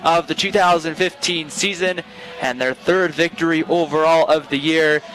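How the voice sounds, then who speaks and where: Man, baseball color commentator, chatty rambling analysis, slightly high voice, broadcast booth. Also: fairly even intonation, normal speed, fairly bright tone, rough recording. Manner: conversational, rambling analysis with restarts.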